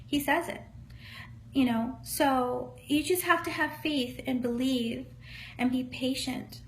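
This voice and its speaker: A woman with a notably high voice talks as a psychic medium in a relaxed live-streamed reading. She sounds earnest and encouraging, with homey asides, and there's a faint hum of noise under her voice. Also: slow, poor audio. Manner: earnest, encouraging, folksy, calls listeners honey.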